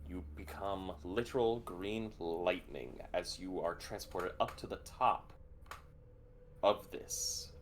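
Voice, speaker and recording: A man narrating a tabletop game as game master, vivid and expressive, with some swearing. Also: deep voice, slight background noise.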